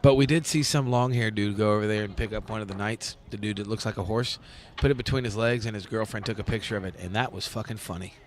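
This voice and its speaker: A man's voice: fairly low pitch, quick pace, hardly any pauses, a little hiss or hum. A man hosting a podcast in a casual chat, teasing his guest and swearing freely. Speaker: podcast host.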